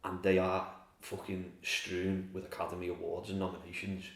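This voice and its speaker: A man's voice: deep voice, monotone, moderate pace, vocal fry. A man chatting casually about films, telling stories and swearing freely. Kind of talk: casual film chat. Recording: roomy, distant from mic.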